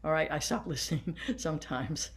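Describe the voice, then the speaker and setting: A woman's voice: low voice, a little fast. Older woman band director, coaching seated, demonstrates as she goes. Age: 70s. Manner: warm, hands-on, guiding listeners through exercises. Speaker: band teacher. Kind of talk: workshop lesson for teachers.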